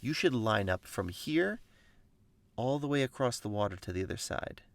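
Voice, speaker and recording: A man's voice: mid-range voice, very animated, normal speed, no echo. A man voicing a boastful trickster white hare in a casually told myth, speaking in a cocky, mocking way.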